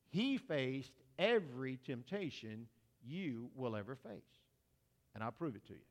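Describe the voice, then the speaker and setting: A man preaching a sermon in a folksy, conversational way, talking straight to his congregation with homespun asides. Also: fairly high pitch.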